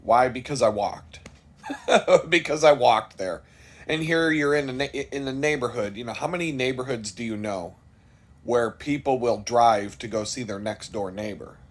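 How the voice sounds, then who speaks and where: A man's voice: mid-range voice, normal speed. A middle-aged man telling a rambling, candid personal story in a casual vlog, swearing freely and slipping into voices for the people he quotes. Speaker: vlogger.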